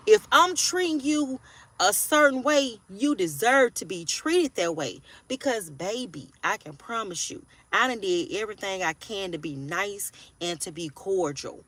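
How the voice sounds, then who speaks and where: A woman's voice: medium pitch, animated, a little slow, a bit bright. Blunt, cussing woman in her forties. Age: 40s. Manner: blunt, profane, preachy, keeps asking "do you hear me?". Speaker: tarot reader. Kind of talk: casual tarot reading for a sign.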